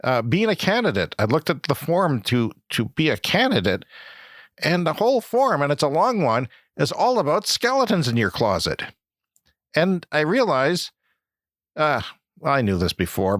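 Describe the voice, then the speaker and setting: Comedy podcast host, self-pitying and melodramatic, very animated delivery. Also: male voice, on the high side, moderate pace, no echo, clean studio sound. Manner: whiny, self-pitying, mock-dramatic. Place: Saskatchewan, Canada.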